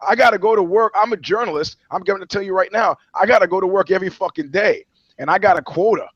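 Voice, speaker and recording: A man's voice: high voice, fast talker, husky, dry recording. Blunt swearing man, lo-fi mic. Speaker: journalist and co-host. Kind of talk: profane podcast chat.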